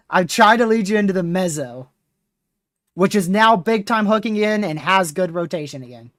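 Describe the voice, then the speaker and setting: Excitable woman live-streaming a storm chase. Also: medium pitch, moderate pace, dry recording, studio quality. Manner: excitable, laughs often, talks to chat.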